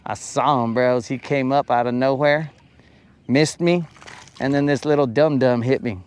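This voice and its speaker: A man's voice: mid-range voice, normal speed, darkish tone, clean tone. A young man casually talking to viewers while fishing, joking around in playful, slangy banter. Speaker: fishing vlogger.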